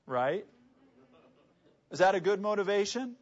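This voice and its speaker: A man's voice: sits high, sing-song, unhurried, pauses often. A man preaching a sermon in a conversational way, often asking the audience rhetorical questions, in a dull lo-fi recording. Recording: dull lo-fi sound.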